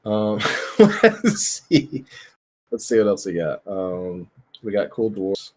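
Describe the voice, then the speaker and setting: A man's voice: fairly low pitch, very animated, slow, darkish tone. A man streaming, chatting casually and profanely as he looks over a tabletop game, laughing often. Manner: loose, profane, laughs often, rambling with filler words. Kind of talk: casual chat while browsing a tabletop game.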